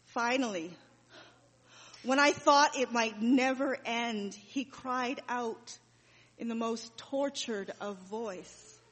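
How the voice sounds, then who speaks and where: A woman playing Mary, a grieving mother recalling her son's death, in a slow, emotional dramatic monologue with heavy pauses, heard in a reverberant hall. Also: fairly high pitch, fairly bright tone. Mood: sorrowful.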